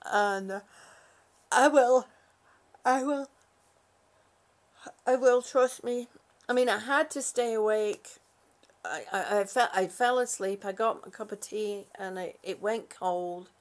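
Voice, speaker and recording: Sleepy, giggly woman chatting slowly. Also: mid-range voice. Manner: rambling, giggly, drowsy. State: exhausted, sleepy. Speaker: live-stream host reading viewer comments. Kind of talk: casual live-stream chat.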